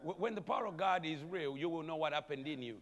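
A man preaching a sermon as pastor, animated, calling out to the congregation and chuckling between points. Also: fairly high pitch, quick pace, in a large hall. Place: church sanctuary.

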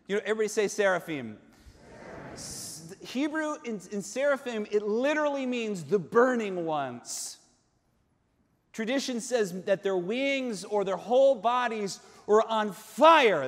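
A man pastor preaching a sermon as a vivid storyteller, moving between hushed tones and shouting, in a large church sanctuary. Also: high voice, animated, normal speed. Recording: long reverb in a large sanctuary.

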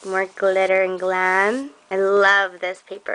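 Speaking at a medium pitch with a fairly bright but monotone delivery, a young woman vlogs about crafts, unboxing gifts in casual show-and-tell fashion. She is effusive and gushing about everything, slow and drawn out. Poor audio carries a little hiss or hum.

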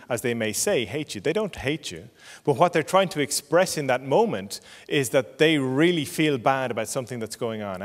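A middle-aged Irish psychologist giving a parenting talk, explaining patiently and checking in with frequent "okay?". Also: male voice, medium pitch, big-room sound. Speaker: clinical psychologist.

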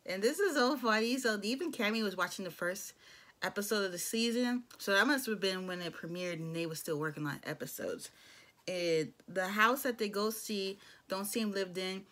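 A woman's voice: medium pitch, animated, moderate pace, a bit bright. A young adult woman giving a casual, opinionated recap of a reality show, with blunt asides. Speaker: show reviewer.

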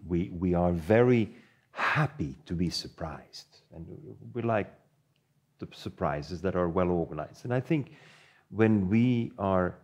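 A panelist sharing his views in an animated way, full of asides. His voice is low and husky, and his tone is dark and mellow. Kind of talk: conversational panel discussion.

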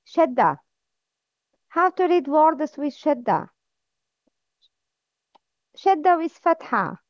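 A woman teaching Arabic letters, drilling words slowly and asking the listener to repeat after her. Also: high-pitched, very animated, no room sound. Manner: slow, careful drilling with repeat-after-me prompts. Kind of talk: slow recorded lesson. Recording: dull, lo-fi sound.

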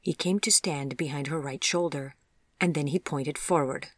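An even, unhurried storybook reading comes from a gentle audiobook narrator speaking at a middle pitch. The recording is close-miked and dry.

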